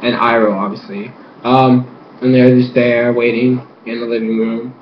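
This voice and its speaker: A man giving a rambling, gushing recap of a cartoon episode, excitable and casual. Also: mid-range voice, normal speed. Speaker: fan reviewer. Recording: roomy, dull lo-fi home recording with faint noise.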